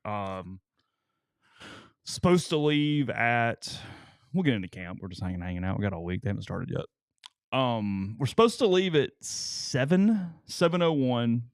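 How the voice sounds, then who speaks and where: A man's voice: medium pitch, smooth, no echo, clean studio sound. A male co-host in a casual chat, telling long stories and stammering on repeated words.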